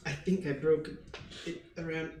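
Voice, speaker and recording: A man voicing a wary, soft-spoken injured woman passenger in a tabletop game. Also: on the high side, steady tone, moderate pace, a little hiss or hum, voice pushed up, lightly acted. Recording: roomy distant mic.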